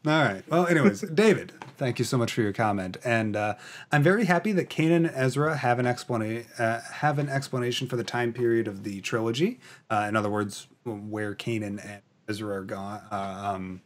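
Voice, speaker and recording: A man's voice: medium pitch, brisk. A man from Canada hosting a casual podcast, reading out viewer comments in a rambling, filler-heavy, enthusiastic way. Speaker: podcast host.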